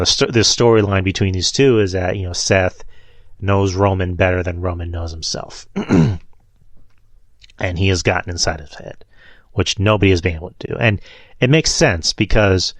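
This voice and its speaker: A man's voice: sits low, no room sound. A man hosting a wrestling podcast, reviewing matches in a loose, rambling way and swearing freely. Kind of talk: casual solo show review.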